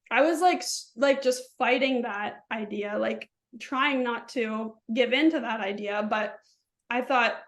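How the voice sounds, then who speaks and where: A woman's voice: a little high, fairly even intonation, takes it slowly, a bit bright. A young woman, an interview guest, telling her story earnestly and peppering her speech with "like". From Southern Ontario, Canada. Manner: earnest, heavy use of "like".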